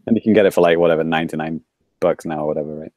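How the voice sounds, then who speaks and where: Man, podcast co-host, casual chat, dark tone, dry sound, joking. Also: rumbling low, fast, no echo. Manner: joking, laughs often.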